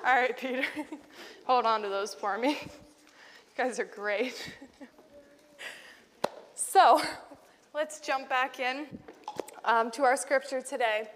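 High-voiced woman teaching kids. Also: slow, pauses often, long reverb tail, a little hiss or hum. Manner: playful, animated, laughing often. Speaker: Bible class teacher. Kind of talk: acting out a Bible story with children.

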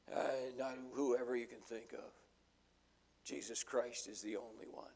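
Gravelly older preacher. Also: male voice, mid-range voice, darkish tone. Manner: folksy storytelling, acts out quotes. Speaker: pastor. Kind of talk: sermon.

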